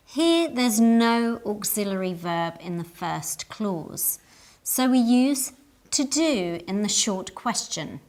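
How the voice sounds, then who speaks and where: Very slow, deliberate woman teacher. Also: mid-range voice, animated, a little mellow. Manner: careful, deliberate enunciation. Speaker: English teacher. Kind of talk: scripted language lesson.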